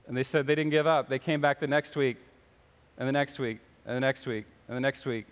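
A man's voice: medium pitch, steady tone, fairly quick, smooth, big-room sound. A man preaching a sermon in a church, telling a story and acting out the voices of the people in it. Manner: storytelling, acts out the voices in his anecdotes. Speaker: pastor. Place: church sanctuary.

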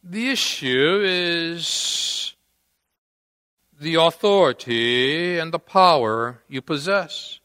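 A man's voice: fairly high pitch, lively intonation, extremely slow, pushed and bright, clear, resonant tone. A man preaching a sermon, telling a story with dramatic acted quotes. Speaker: pastor. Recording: long church-hall reverb.

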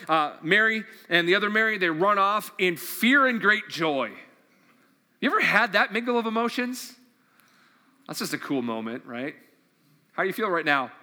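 Heard through long hall reverb, this preacher's voice sits high with a sharp tone as he reads scripture and asks questions of his congregation in an eager, chatty sermon.

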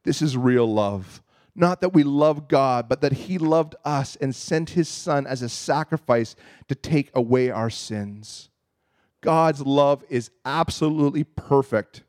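A man's voice: medium pitch, darkish tone, no room sound, clean studio sound. A man preaching a sermon as a pastor, telling a personal story in a conversational, self-deprecating way with stumbles and restarts. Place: church service.

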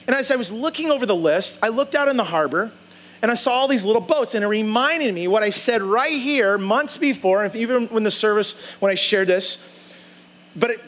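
High-voiced pastor telling a personal story. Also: male voice, animated, fairly quick, a bit bright. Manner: conversational, acts out his own dialogue. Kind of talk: storytelling sermon. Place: church sanctuary.

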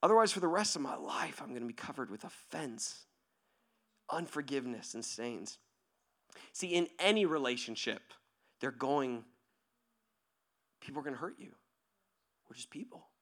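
A man's voice: medium pitch, moderate pace, pauses often. A male pastor preaching a sermon in a conversational, storytelling way, acting out little scenes and often checking in with "right?". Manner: animated storytelling, acting out quoted voices; conversational, keeps asking "right?".

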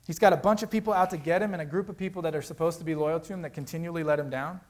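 A male pastor preaches a sermon at a racing pace with a steady tone. He's earnest and conversational, swinging from loud emphasis to hushed, quiet lows.

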